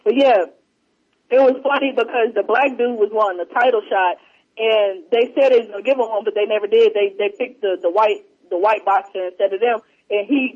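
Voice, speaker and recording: A man chatting casually and retelling movie scenes in a rambling, animated way. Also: extremely high pitch. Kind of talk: casual chat. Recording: muffled lo-fi audio.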